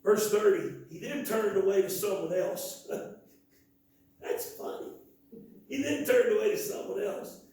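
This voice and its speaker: A man's voice: sits high, animated, a little slow, pauses often, mellow. A man preaching a sermon in a church, reading scripture emphatically with chatty asides. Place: church sanctuary. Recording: echoey hall from a distance.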